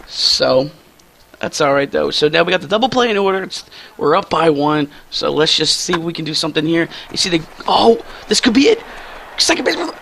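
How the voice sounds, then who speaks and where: A young man giving casual, slangy commentary over his own baseball video game play, often jumping into excited yelps. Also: a little fast, gravelly, slight background noise. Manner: excitable, slangy, jumps to high squeals when thrilled. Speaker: gaming YouTuber.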